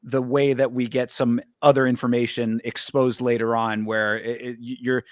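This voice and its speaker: A man's voice: mid-range voice, flat delivery, normal speed, no room sound, clean studio sound. A man co-hosting a casual film review, recapping scenes at length with many fillers and restarts.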